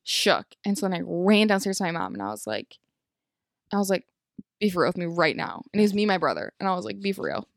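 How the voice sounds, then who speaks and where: A young woman co-hosting a podcast in casual chat, telling stories in a lively way full of "like" and acted-out quotes. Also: on the low side, fast talker, gravelly, no room sound, studio quality. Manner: animated storytelling with lots of "like" and acted quotes. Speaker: podcast co-host.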